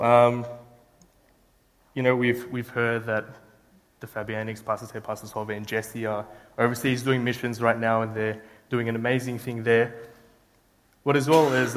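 A young man preaching in a church hall, his voice at an ordinary middle pitch. He talks in a loose, chatty, self-deprecating way, full of "um"s and restarts. A long hall reverb trails after each phrase. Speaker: guest preacher. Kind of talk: informal sermon with storytelling.

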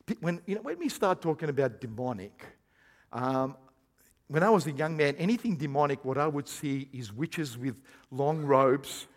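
Man preaching in a reverberant hall. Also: fairly high pitch. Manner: animated preaching, swings from hushed to loud. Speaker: pastor. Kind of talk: sermon.

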